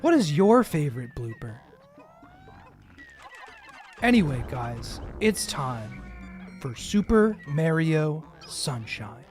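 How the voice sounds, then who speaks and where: A man's voice: a little high, very animated, slow, pauses often, darkish tone, soft background music. A man putting on an upbeat male gaming YouTuber's intro voice, with a big announcer-style delivery. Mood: peppy.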